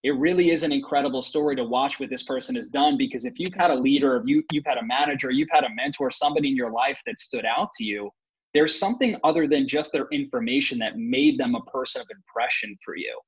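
A man with a husky, slightly raspy voice hosts an interview, speaking earnestly and turning to the viewers. The recording sounds dull and lo-fi, as if the top end has been cut off. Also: medium pitch, fast talker. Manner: earnest, addresses viewers directly. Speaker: podcast host. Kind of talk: interview hosting.

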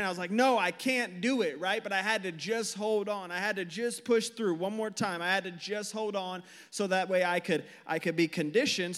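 A man's voice: sits high, fairly bright tone. A man in his twenties giving a casual youth sermon on a stage mic, chatty and joking, full of fillers and questions to the crowd. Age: 20s. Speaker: youth pastor. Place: church hall, speaking to a live group. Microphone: handheld or stage mic. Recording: long hall reverb.

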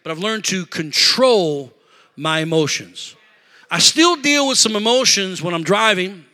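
A middle-aged man preaching a sermon in a church, telling a story in an animated, emotional way and talking straight to the congregation. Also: high-pitched, measured pace. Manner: animated, emotional, talks to congregation with "y'all" and "amen". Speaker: pastor. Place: church sanctuary.

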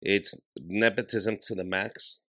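A man's voice: on the low side, fairly even intonation, takes it slowly, sharp tone, no room sound. A man who is a guest comedian, giving blunt, profane advice in a casual podcast chat into a studio mic.

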